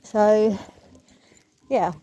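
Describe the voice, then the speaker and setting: A woman's voice: medium pitch, fairly even intonation, drawn-out words, warm tone, lo-fi sound. A woman telling a rambling, opinionated story as a theatre fan vlogger. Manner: chatty, opinionated, rambling with asides. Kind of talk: casual storytelling vlog.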